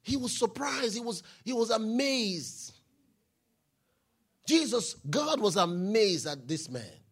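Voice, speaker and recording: A man preaching a sermon, reading scripture aloud and building to shouted declarations. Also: high-pitched, big pitch swings, takes it slowly, slightly rough. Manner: Bible reading with call-and-response, rising to shouted declarations.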